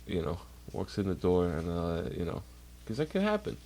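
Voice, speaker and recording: A man's voice: low voice, huge pitch swings, moderate pace, dark tone, a little hiss or hum. A man chatting casually on a livestream from home, rambling and swearing while doing chores. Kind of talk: casual rambling stream chat. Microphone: computer mic while streaming.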